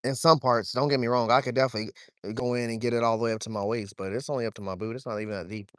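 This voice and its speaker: A young man, talking to his chat while wading and fishing, swearing freely and getting excited over a fish. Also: mid-range voice, rapid-fire, dry recording, clean studio sound. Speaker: fishing vlogger. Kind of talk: casual vlog narration while wading. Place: outdoors, wading in a shallow creek.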